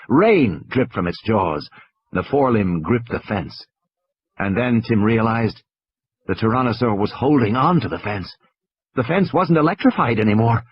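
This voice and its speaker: A man's voice: mid-range voice, breathy edge, dull audio. A man narrating an audiobook with a tense, dramatic delivery.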